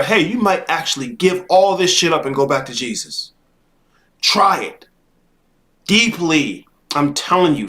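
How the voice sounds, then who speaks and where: A man's voice: sits high, bright, forceful tone. A man hosting a live-stream coaching show, talking in an emphatic, repetitive, profane and preachy way. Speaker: life coach host. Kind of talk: live-stream motivational monologue.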